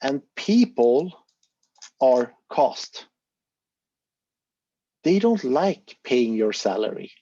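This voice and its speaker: A man's voice: mid-range voice, very animated, drawn-out words, pauses often, dark tone, dry recording, lo-fi sound. A man leading an online discussion, talking in an earnest, encouraging way and thinking aloud with fillers. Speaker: volunteer presenter of an online discussion. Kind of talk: casual explanatory talk on a video call.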